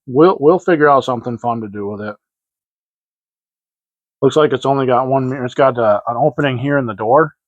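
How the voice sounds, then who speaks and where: A man's voice: mid-range voice, a bit bright, no room sound. A man hosting a casual model-kit show-and-tell vlog, rambling and hesitant, with many fillers and restarts. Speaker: hobby model-kit channel host. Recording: dry, slightly dull lo-fi sound.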